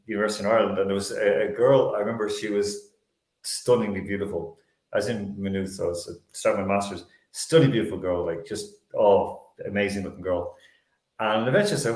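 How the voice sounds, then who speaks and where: A man's voice: lowish voice, steady tone, fairly quick, a little mellow, echoey room. Rambling man hosting a sports show. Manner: rambling, self-correcting storyteller. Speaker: sports talk show host. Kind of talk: casual sports talk.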